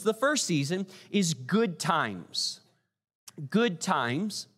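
A male pastor delivers a sermon in an animated way, his fairly high voice climbing even higher when he stresses a point. The sound carries a long reverb, as from a large church hall. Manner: animated, rising high for emphasis.

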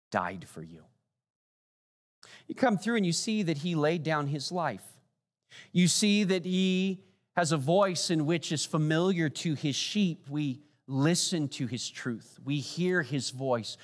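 A man preaching a communion sermon as pastor, earnest, swinging from raised declarations to hushed pleading questions. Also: fairly high pitch. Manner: earnest preaching, rising then dropping to hushed pleas. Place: church sanctuary. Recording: long hall reverb.

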